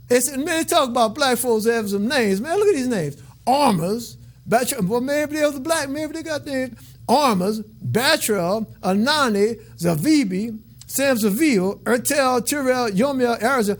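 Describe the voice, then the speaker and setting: High-voiced man teaching scripture. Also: animated, measured pace. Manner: conversational, colloquial asides, frequent "all right?" check-ins. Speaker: Bible teacher. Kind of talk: sermon-style scripture teaching.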